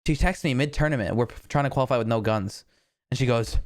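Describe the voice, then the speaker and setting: A man's voice: medium pitch, very fast, smooth. A young man, co-host of a podcast, teasing and telling stories with quoted voices in casual banter. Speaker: podcast co-host, older brother.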